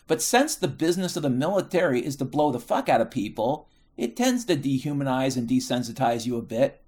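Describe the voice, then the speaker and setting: A man's voice: mid-range voice, very animated, brisk, few pauses, a little mellow. Middle-aged man, American, casual monologue; swears freely, wanders, corrects himself mid-sentence. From United States. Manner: profane, rambling, self-correcting.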